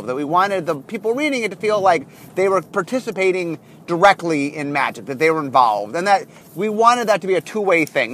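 A man hosting a podcast, talking casually with many fillers while he drives, in a car. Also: high-pitched. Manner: animated, rambling with many fillers. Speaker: podcast host. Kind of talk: casual monologue while driving.

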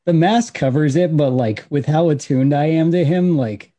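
A man's voice: a little high, moderate pace, mellow, slight background noise. A man playing a tabletop game, laid-back and hesitant. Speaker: player. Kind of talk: casual tabletop play.

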